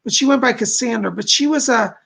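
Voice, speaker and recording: A man's voice: very high voice, a little fast, vocal fry, bright, forceful tone, slightly rough. A man hosting a live stream as a psychic medium, chatting with viewers and relaying messages with many "she said" asides.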